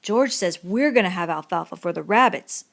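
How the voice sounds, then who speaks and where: A woman's voice: lowish voice, animated, normal speed, gravelly, a bit bright. A woman reading the part of a big, childlike farmhand man who speaks simply and repeats himself, in an audiobook. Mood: pleading.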